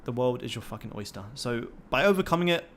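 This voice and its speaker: A man's voice: mid-range voice, expressive, fast talker. A young man hosting a trading livestream, talking casually and swearing constantly in a pumped-up, motivational way.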